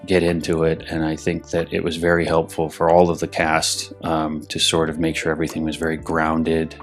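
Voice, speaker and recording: Low-voiced actor rambling with restarts. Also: male voice, monotone, moderate pace, soft background music. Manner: rambling, with many restarts and repeated words; acts out his own frantic thoughts in a loud, high voice. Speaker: actor interviewed. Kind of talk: casual interview talk.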